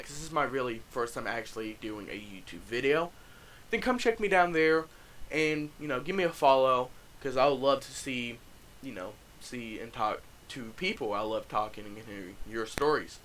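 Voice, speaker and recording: A man's voice: mid-range voice, a bit bright, slight background noise, poor audio. A young man telling a story and chatting about his channel in a loose, profane, rambling way with frequent restarts. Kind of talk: casual storytime vlog.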